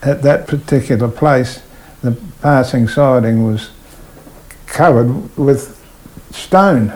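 A man's voice: medium pitch, rough recording. Older Australian man spinning yarns. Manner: animated yarn-spinner, voices people in his stories. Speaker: retired train driver. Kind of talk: oral history interview storytelling.

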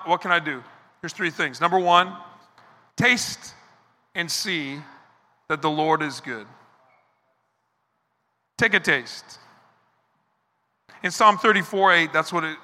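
A man preaching a sermon as pastor, animated and repeating words as he builds each point. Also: high-pitched. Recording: reverberant hall with soft music behind.

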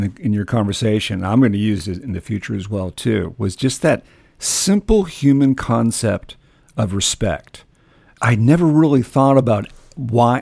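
A man's voice: mid-range voice, creaky, a little mellow, husky, no echo. A man hosting a podcast, musing thoughtfully on what his guest has said. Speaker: podcast host. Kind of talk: reflective interview comment.

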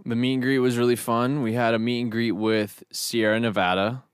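A man's voice: mid-range voice, little pitch movement, normal speed, smooth, dry recording, clean studio sound. A young man co-hosting a podcast in casual chat, telling stories with enthusiasm, swearing often and saying "dude" and "bro". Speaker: podcast co-host, band member.

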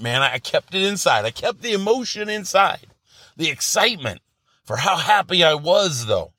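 A man's voice: mid-range voice, pushed and bright, dry recording, clean studio sound. A man in his fifties hosting a podcast, telling a personal story in a casual motivational monologue, earnest and rambling with many restarts. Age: 50s. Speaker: podcast host.

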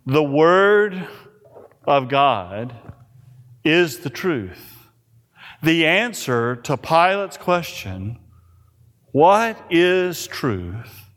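A man pastor preaching a sermon, slow and emphatic, with dramatic pauses on key words. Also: a little high, sing-song, a bit bright. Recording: reverberant church hall.

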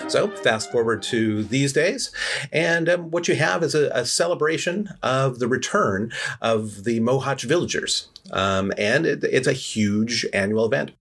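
Guy rambling through a folk tale, kinda husky voice, lots of ums. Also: mid-range voice, expressive, unhurried, fairly bright tone. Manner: rambling, hesitant with fillers. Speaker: storyteller. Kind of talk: casual storytelling.

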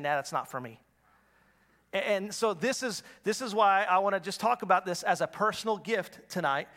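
A man's voice: high-pitched, fairly bright tone. A man preaching a sermon as pastor, talking in a conversational, storytelling way with frequent restarts.

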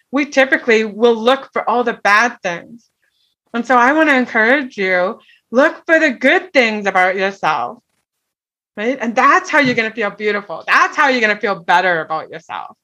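Bright, earnest middle-aged woman storyteller. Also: on the high side. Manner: earnest, often asks "right?". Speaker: guest. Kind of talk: personal storytelling.

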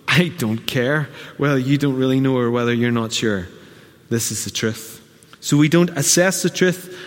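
Male pastor, chatty sermon, mid pitch, long church-hall reverb. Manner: conversational preaching, with quick quoted asides.

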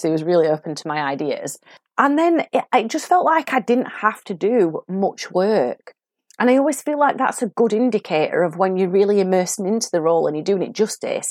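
A woman's voice: medium pitch, no room sound. Chatty Sheffield woman, dry sound. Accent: Sheffield English. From England. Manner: chatty, animated storytelling with laughs. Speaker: acting coach podcast host. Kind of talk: casual solo podcast talk.

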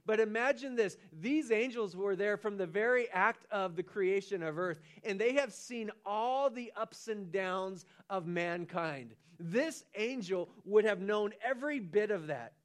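A man preaching a sermon as pastor, animated, often restarting and repeating his words. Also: sits high, a little slow, hardly any pauses. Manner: animated, acts out the angel's lines with rising excitement.

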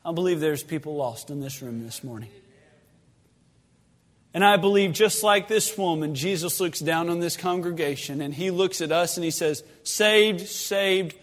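A man preaching a sermon as pastor, moving between loud, fervent pleading and hushed storytelling, recorded in a church sanctuary. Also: on the high side, normal speed. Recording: long reverb of a church sanctuary.

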